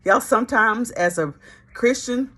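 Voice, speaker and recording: A woman's voice: on the high side, a little slow, bright, forceful tone. A woman casually telling a Christian testimony story, talking folksy and straight to her listeners. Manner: folksy, talks straight to the audience as "y'all". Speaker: Christian speaker.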